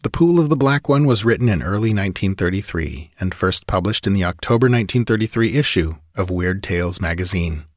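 A man narrating an adventure story as an audiobook, measured and dramatic. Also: sits low, animated, no echo, studio quality.

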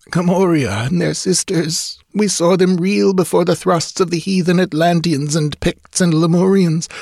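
A man voicing an ancient, blind and tortured alien elephant-being, speaking in a slow, solemn and mournful chant. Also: high-pitched, creaky, darkish tone, no room sound, clean studio sound, pitched above the performer's own voice. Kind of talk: audiobook character reading.

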